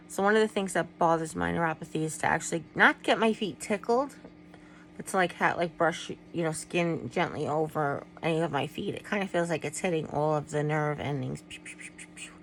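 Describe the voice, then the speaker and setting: In a personal vlog, a middle-aged woman confides in viewers, wandering from her point and returning to it, at times near tears. Her voice is a little low with a gravelly roughness. A faint hum sits under the poor audio.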